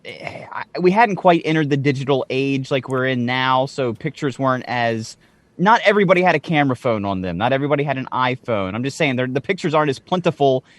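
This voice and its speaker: A man co-hosting a casual podcast, animated and profane, calling himself short-tempered. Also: medium pitch, fairly quick, no echo. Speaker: podcast co-host.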